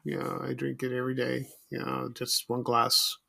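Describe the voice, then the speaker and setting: Gravelly man rambling on his podcast. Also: medium pitch, monotone, normal speed, sharp tone. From Chicago, USA. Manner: rambling and nostalgic, many fillers and restarts. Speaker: podcast host. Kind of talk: casual solo podcast monologue.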